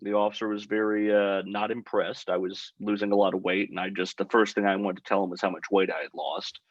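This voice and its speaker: A young man from Texas telling a funny story in a deadpan, rambling way as a podcast guest. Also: fairly low pitch, fairly quick, no echo, muffled recording. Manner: deadpan comic storytelling, acts out his own quotes. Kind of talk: casual storytelling.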